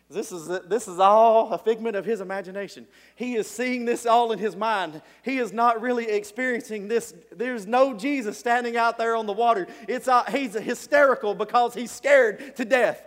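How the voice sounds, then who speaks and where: A man delivers an animated sermon, storytelling with sudden shouts and frequent chuckles. His voice sits very high for a man. The sound rings with the long reverb of a large hall. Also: normal speed. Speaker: preacher.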